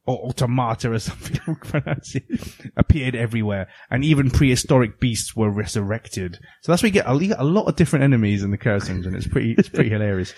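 A man's voice: fast talker, hardly any pauses, slightly rough. Guy on a gaming podcast, chatty, jokes around while reading a plot out, voice jumps way up now and then. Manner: animated, jokey, sudden jumps in pitch. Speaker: podcast co-host. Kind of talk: casual chat, reading a game plot aloud.

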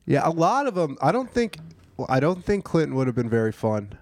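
A man co-hosting a podcast, trading crude, excitable jokes in casual banter. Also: a little high, brisk, dry recording, studio quality. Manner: crude, excitable, swears a lot. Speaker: podcast co-host.

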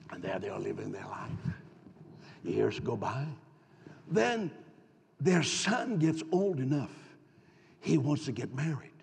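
A man with a medium-pitched, creaky, sing-song voice preaches slowly, leaving long pauses. The pastor tells a folksy storytelling sermon full of stammering restarts and poses rhetorical questions to his congregation. It's recorded in a church sanctuary with long hall reverb.

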